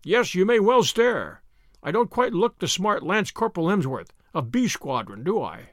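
A man voicing a weary, guarded young former soldier speaking in a measured, rueful way in an audiobook reading. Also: sits high, very animated, no echo, clean studio sound.

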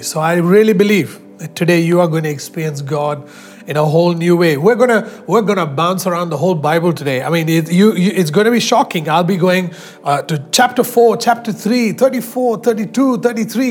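High-voiced pastor preaching emphatically. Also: male voice. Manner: emphatic, drawn-out preaching with slow stressed phrases. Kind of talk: sermon.

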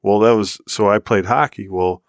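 An American man telling a long hunting story in casual podcast chat, acting out quotes with bursts of excitement. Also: normal speed, dry recording, clean studio sound. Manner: animated storyteller, rises high and loud when acting out quotes. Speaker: podcast co-host.

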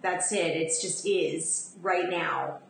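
A woman hosting a podcast, chatting casually, self-deprecating and quick to laugh. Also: fairly low pitch, vocal fry, echoey room, a little hiss or hum. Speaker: podcast host.

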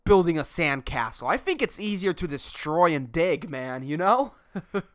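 This solo podcast host speaks on the high side with big pitch swings at a moderate pace. His comedic rant is rambling and profane; agitated and exasperated, he laughs at his own lines and often begins sentences anew.

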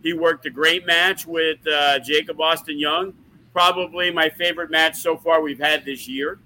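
A man's voice: fairly high pitch, fairly even intonation, moderate pace, bright, forceful tone, a little hiss or hum, rough recording. A man who is a wrestling promoter, telling rambling, profane stories in a casual podcast chat. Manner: profane, rambling, uses lots of fillers.

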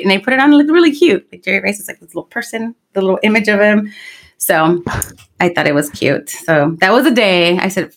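A chatty woman co-host tells a rambling story in easy casual conversation. She moves from English into Spanish phrases and back without pausing. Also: medium pitch. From Los Angeles. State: pregnant. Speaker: podcast co-host. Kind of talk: casual chat.

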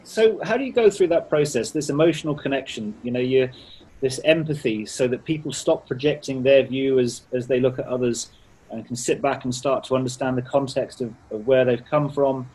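A man's voice: mid-range voice, normal speed, warm tone, slightly rough, low-quality recording. A man interviewing a guest on a call, asking a long, searching question that rambles on.

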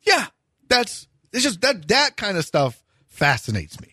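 Male co-host, high and bright, excitable jokey riffs, dry sound. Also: dry recording. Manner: joking, excitable, quick riffs. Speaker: sports radio co-host. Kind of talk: casual radio banter.

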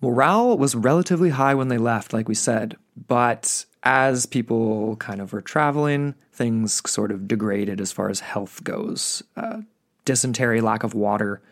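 A man's voice: mid-range voice, normal speed. Laid-back man saying "like" a lot. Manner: laid-back, heavy use of "like" and "you know", exclaiming. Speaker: podcast co-host. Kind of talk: casual history podcast chat.

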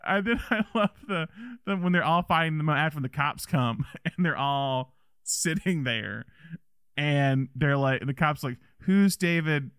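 A man's voice: a little high, unhurried, a bit bright, clear, resonant tone, no echo, studio quality. A man casually chatting about a movie as a podcast co-host, rambling with many restarts and laughs.

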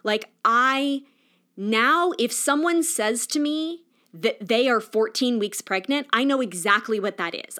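A woman, hosting a podcast and telling a personal story in a chatty, animated way, her voice rising high at emotional moments. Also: measured pace. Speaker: podcast host. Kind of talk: casual storytelling monologue.

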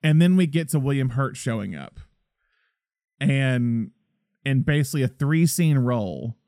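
A man co-hosting a podcast, talking through a film in a rambling, animated way. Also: medium pitch, measured pace, no room sound, clean studio sound. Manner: rambling, animated, acts out quotes. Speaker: podcast co-host. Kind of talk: casual film discussion.

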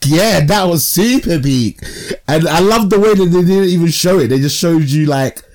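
A young man co-hosting a casual podcast, slangy and animated, laughing easily. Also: fairly high pitch, moderate pace. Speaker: podcast co-host. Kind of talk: casual chat.

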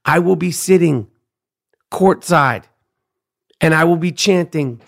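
A middle-aged man rants on his own podcast, brash and profane. His voice sits high for a man and has a gravelly rasp. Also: slow pace, pauses often, slight background noise. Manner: loud, brash, trash-talking, repeats "Duke". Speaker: podcast host. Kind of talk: profane ranting monologue.

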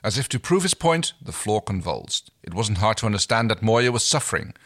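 A man's voice: fairly low pitch, sing-song, brisk, fairly bright tone, no echo, studio quality. A man co-hosting a podcast, narrating a novel and chatting agreeably. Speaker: podcast co-host reading aloud. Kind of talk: scripted narration and casual chat.

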